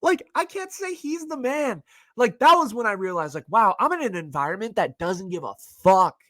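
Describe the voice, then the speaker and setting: A young man talks through his college stories with animated energy, saying "like" constantly. His voice is bright and forward. The sound is dry and close. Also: fairly high pitch, dry recording. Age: young adult. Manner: animated storytelling, heavy use of "like". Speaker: podcast host. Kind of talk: casual monologue.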